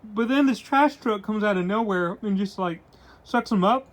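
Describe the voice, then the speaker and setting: A man's voice: high-pitched, normal speed. A man giving a casual comic book review, retelling the plot with lots of "like" and "uh" and paraphrasing the characters' lines in his own voice. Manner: rambling retelling full of "like" and "uh".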